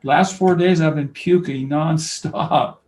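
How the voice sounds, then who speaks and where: An older man speaks with a gravelly, rough-edged voice. He tells stories in a conversational interview, acting out what people said and swinging from near-shouting to a whisper. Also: a little high, slow, poor audio. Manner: animated storyteller, acts out quoted dialogue, swings from loud to whispering. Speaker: basketball coach and camp founder, guest.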